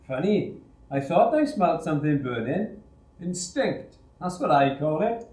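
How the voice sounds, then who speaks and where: A man's voice: fairly high pitch, very animated, unhurried, darkish tone, voice pushed up. A man reading aloud, voicing a mocking male foundry worker who taunts a new boy, recorded with roomy echo.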